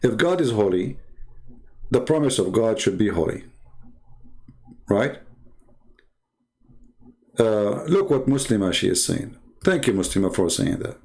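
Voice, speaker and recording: A man's voice: lowish voice, big pitch swings, measured pace, pauses often, a little mellow. A man hosting a religious debate channel, talking in a combative, mocking way full of rhetorical questions, in non-native English. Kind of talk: heated polemical commentary.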